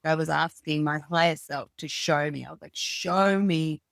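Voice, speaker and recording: Low-voiced woman, reflective and unhurried. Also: flat delivery, gravelly, no echo, studio quality. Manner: reflective, unhurried, thinking aloud with pauses. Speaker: podcast guest. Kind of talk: casual conversation.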